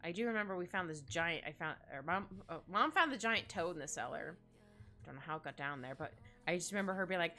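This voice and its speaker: A young Canadian woman streams herself drawing and chats casually with viewers, rambling with lots of fillers and acting out quotes in squeaky voices. Her tone is brisk, bright and forceful, with faint music in the background.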